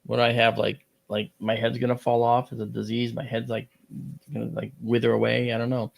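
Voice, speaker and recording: A gravelly-voiced man speaks as a guest on a talk show, spinning a personal tale with animated energy. His telling rambles and restarts, with plenty of fillers, while his pitch sits in an ordinary male middle range. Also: a little fast. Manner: lively, rambling delivery with many fillers and restarts.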